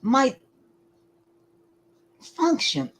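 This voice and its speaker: A woman giving lecture-style commentary, deliberate and emphatic, often pausing to ask rhetorical questions. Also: high-pitched, wildly swooping pitch, slightly rough, low-quality recording.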